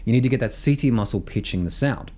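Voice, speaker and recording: An Australian man teaching voice technique, explaining exercises in an animated, emphatic way and often checking in with "right?". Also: mid-range voice, fast talker. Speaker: vocal coach. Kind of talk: instructional explanation with sung demos.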